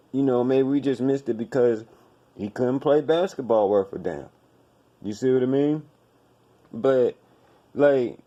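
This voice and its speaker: A man's voice: medium pitch, dark tone. Scolding, profane man ranting on a podcast. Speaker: podcast host. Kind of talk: profane commentary rant.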